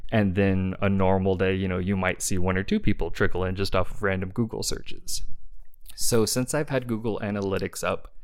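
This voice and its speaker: Low steady-voiced guy on a podcast, clean sound, chatty and upbeat, lots of ums. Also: clean tone. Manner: relaxed, enthusiastic, chatty with fillers. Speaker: guest, webcomic creator and developer. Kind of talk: casual interview conversation.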